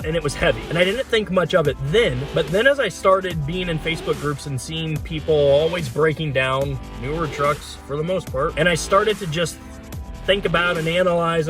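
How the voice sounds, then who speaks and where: A man's voice: fairly high pitch, a bit bright. A man hosting a casual explainer video, talking plainly with frequent fillers and restarts. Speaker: host.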